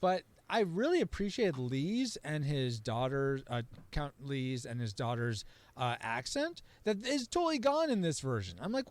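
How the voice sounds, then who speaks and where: A man's voice: fairly high pitch, very animated, moderate pace. A man guesting on a podcast, venting in casual chat with mock outrage.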